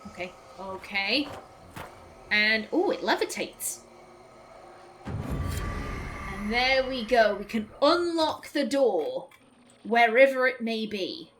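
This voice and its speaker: A woman's voice: on the high side, animated, slow pace, pauses often, fairly bright tone, a little hiss or hum. A woman giving casual, chatty gameplay commentary as a let's play host, politely apologizing to game characters.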